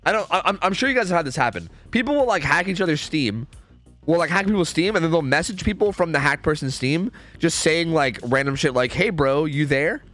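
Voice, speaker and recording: Young male streamer, high lively voice, sarcastic and swearing, music faintly behind. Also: brisk. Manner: profane, rambling, sarcastic. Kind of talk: casual chat with viewers.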